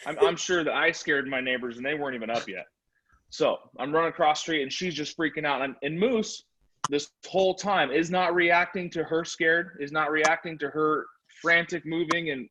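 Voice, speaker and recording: A man giving a motivational sales training talk, telling animated stories about his dog. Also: on the high side. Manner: animated, energetic storytelling. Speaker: real estate sales trainer. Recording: slightly muffled recording.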